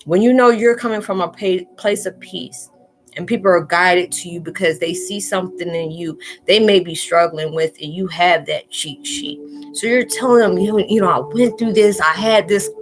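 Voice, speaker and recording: A woman's voice: fairly low pitch, normal speed, faint music behind. A spiritual vlogger talking casually and loosely to her viewers, repeating "you know" as she goes. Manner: chatty, loose, talks straight out with lots of "you know".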